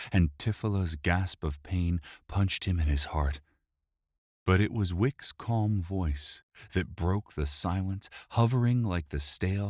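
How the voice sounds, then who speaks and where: A man narrating a fantasy audiobook in a steady, measured storytelling voice, close to the mic. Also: deep voice, no echo.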